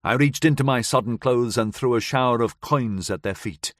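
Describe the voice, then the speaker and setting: A man narrating a first-person audiobook in a measured, dramatic storytelling manner. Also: mid-range voice, no room sound, studio quality. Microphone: close studio mic.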